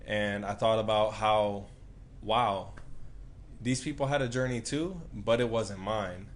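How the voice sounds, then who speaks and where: A man's voice: on the low side, measured pace. A man who works as a physical therapist, telling a personal story earnestly and reflectively as a guest in a live interview.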